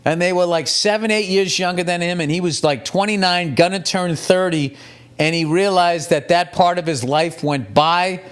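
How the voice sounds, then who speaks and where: A middle-aged male comedian rambling through a casual, profane monologue, telling stories in an animated way. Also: high-pitched, normal speed, smooth. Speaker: comedian, podcast host.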